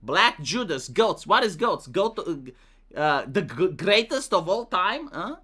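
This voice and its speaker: Speaking with a Romanian accent, a man who makes commentary videos on YouTube talks loosely through viewer comments, his voice bright, lively and slightly breathy, moving freely up and down in pitch. Filler "like"s and thinking pauses pepper his speech, and he mimics comments in a mocking voice as he reads them.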